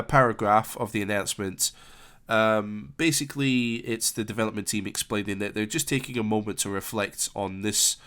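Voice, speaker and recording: Guy talking through an update, lowish voice, lots of ums. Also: a bit bright. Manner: hesitant, many ums and restarts. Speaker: flight sim commentator. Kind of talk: casual video commentary reading an announcement.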